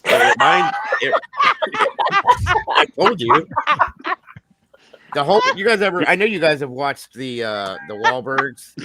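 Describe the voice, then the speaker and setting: A middle-aged man hosting a casual group chat, talking in a lively way, swearing a lot and laughing often. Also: a little high, takes it slowly, pauses often, very noisy. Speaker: podcast host.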